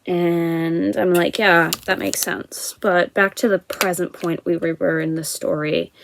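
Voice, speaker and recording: Gravelly-voiced young woman telling a story. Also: on the low side, darkish tone, dry recording, poor audio. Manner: casual, candid, swears, acts out quoted dialogue. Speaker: vlogger. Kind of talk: personal story time.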